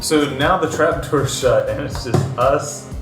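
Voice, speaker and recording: A man's voice: medium pitch, measured pace. A man playing a tabletop game, hesitant and full of ums. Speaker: player. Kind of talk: casual tabletop play. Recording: roomy echo, clear music.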